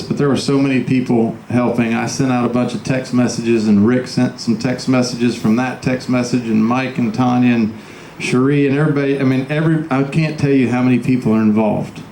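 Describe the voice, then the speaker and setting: A man's voice: medium pitch, fairly even intonation, fairly quick, hardly any pauses, darkish tone. A man who organized a birthday party, speaking to his friend and thanking the helpers, with some joking. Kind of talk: heartfelt party speech. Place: party venue. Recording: echoey room with faint noise.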